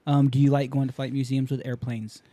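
A young man hosts a casual podcast in a loose, upbeat, rambling manner, often restarting his sentences. His voice is dark and mellow, recorded dry and close with no room sound. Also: medium pitch, flat delivery, brisk, no room sound. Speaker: podcast host. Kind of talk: casual talk show chat.

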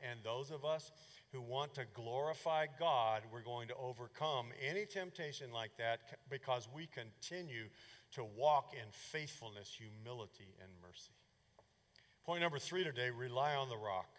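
A male pastor giving a fervent sermon, his voice swinging from loud bursts to hushed asides. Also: medium pitch, in a large hall.

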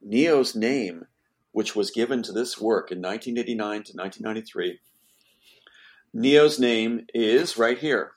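A man's voice: on the low side, a little slow. Insistent man telling his story. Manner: insistent, rising to pleading outbursts. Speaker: guest. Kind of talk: emotional personal account.

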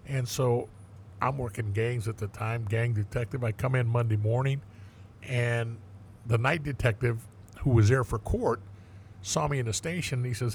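A gravelly-voiced older man, once a police detective, tells stories from the job in a casual interview. He is blunt and profane and acts out the quoted dialogue. His voice sits at an ordinary male pitch. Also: steady tone, normal speed, a little mellow, slight background noise. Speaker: former police detective, guest.

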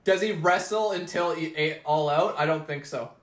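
A man chatting casually while watching wrestling, excited, swearing freely and laughing often. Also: a little high, normal speed, roomy sound. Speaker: co-host watching a wrestling show.

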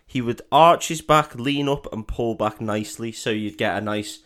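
A man's voice: medium pitch, normal speed, a bit bright. A man co-hosting a podcast, swearing freely and ranting in casual comedic chat. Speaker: podcast co-host.

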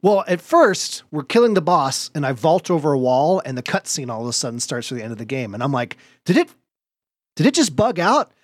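A man hosting a podcast, telling a story in lively casual chat, laughing often and swearing now and then. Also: mid-range voice, fast talker, hardly any pauses, no echo. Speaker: podcast host.

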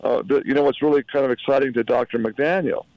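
Gravelly-voiced man pitching on a call, halting delivery, dull dry audio. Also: steady tone, no room sound. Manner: halting, repeats words, salesy. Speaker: product promoter. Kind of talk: phone call.

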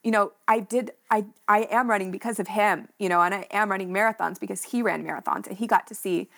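A woman's voice: medium pitch, quick pace, vocal fry. A young woman speaking as a podcast guest, telling a personal running story in an emotional, heartfelt way, with many fillers like "like" and "you know".

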